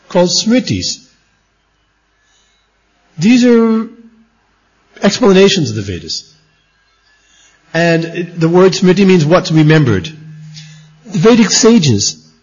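A man's voice: fairly high pitch, husky. A man teaching a scripture lecture as a religious teacher, emphatic and repeating his key points. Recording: dull lo-fi recording.

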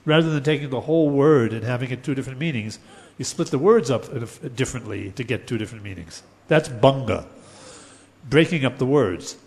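A man teaching a lecture on poetics, explaining terms step by step and chanting verses slowly. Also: medium pitch, creaky, a little mellow, in a large hall.

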